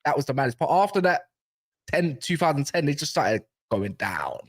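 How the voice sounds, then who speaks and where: A man with a slight cough co-hosting a football podcast, chatting in animated, slangy banter and laughing often. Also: on the high side, moderate pace. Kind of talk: casual banter.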